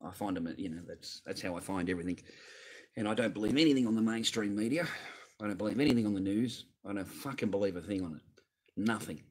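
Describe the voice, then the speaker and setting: A low, husky-voiced man in his fifties hosts a livestream. He rants bluntly and profanely, and the heat in his voice never quite drops. His voice comes through a computer mic. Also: fast talker. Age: 50s. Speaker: livestream host answering donations. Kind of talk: rambling livestream rant.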